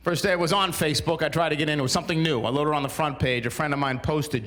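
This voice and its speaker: A man's voice: fairly high pitch, fairly even intonation, fast talker, hardly any pauses, fairly bright tone. A man in his forties doing a stand-up comedy routine on a small studio stage, telling dry, exasperated stories with punchlines.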